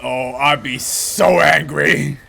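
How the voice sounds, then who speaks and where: A man reacting out loud to an anime episode, laughing, swearing and talking back to the screen. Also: fairly high pitch, slow, gravelly. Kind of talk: casual reaction commentary.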